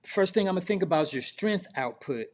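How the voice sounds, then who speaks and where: A man's voice: high-pitched, expressive, fast talker. A middle-aged man coaching in a loose, conversational way, firing off questions to the listener. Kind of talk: casual self-improvement talk.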